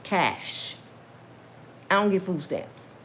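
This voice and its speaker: A middle-aged woman with a somewhat low voice tells her own story to viewers in a casual, emphatic way. She talks straight at the audience and breaks into religious exclamations. When she gets worked up, her voice climbs high. Faint background noise sits behind her. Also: animated, takes it slowly, fairly bright tone. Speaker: storyteller vlogger.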